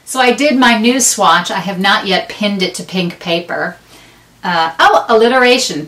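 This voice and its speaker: Her voice mid-range, expressive and slightly bright, a middle-aged knitting podcaster chats to camera at a moderate pace. She rambles casually and makes self-deprecating remarks. Sitting far from the microphone, she comes across roomy and a bit off mic.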